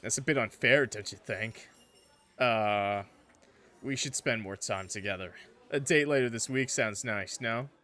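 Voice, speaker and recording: A man's voice: a little slow, pushed and bright. Justin, a man doing a purring smug flirt. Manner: low, purring, teasing delivery. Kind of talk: reading visual novel dialogue aloud.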